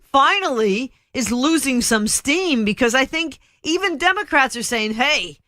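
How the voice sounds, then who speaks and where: A woman's voice: sits high, expressive, a little slow, pushed and bright, no echo. Chatty female political radio host. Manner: chatty, rambling, emphatic.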